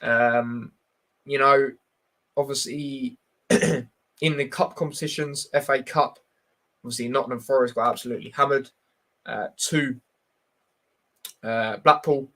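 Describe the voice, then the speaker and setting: A man's voice: mid-range voice, fairly even intonation, measured pace, pauses often, pushed and bright. A man hosting a casual football prediction live stream, talking bluntly and reading out chat, with lots of fillers. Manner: chatty and blunt, full of fillers, answering chat directly.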